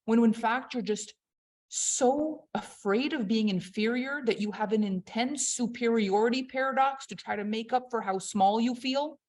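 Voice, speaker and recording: A woman coaching on leadership in an emphatic, conversational motivational talk, swinging between loud and quiet. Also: on the high side, moderate pace.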